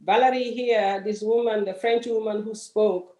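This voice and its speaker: A woman's voice: mid-range voice, steady tone, normal speed, dark tone. A woman from Gambia shares her story in a grateful, hesitant way, frequently restarting her sentences. Her voice comes through a video call with a noticeably echoey room around her. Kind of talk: personal story in a group session.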